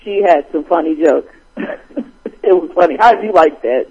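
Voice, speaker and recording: A man hosting a casual podcast chat, animated and quick to laugh. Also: fairly high pitch, slightly rough. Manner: animated, laughs often while retelling jokes. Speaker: podcast host. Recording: dull lo-fi recording.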